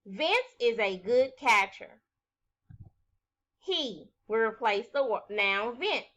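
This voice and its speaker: A woman teaches a recorded phonics lesson for young children, her voice bright and a little high. She talks slowly and clearly, stretching out sounds as she sounds out words. Her pitch moves around a lot as she encourages the class. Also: animated, muffled recording.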